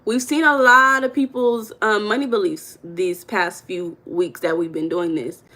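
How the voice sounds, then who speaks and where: A woman's voice: medium pitch, fairly even intonation, measured pace, pushed and bright. A woman from the United States hosting a casual livestream, greeting viewers by name and talking about money mindset in a chatty, playful way.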